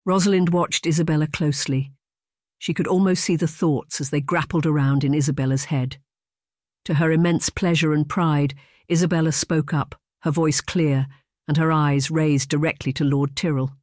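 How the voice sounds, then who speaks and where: Audiobook narrator reading a romance, steady and even, mid pitch, super dry booth sound. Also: normal speed, no room sound.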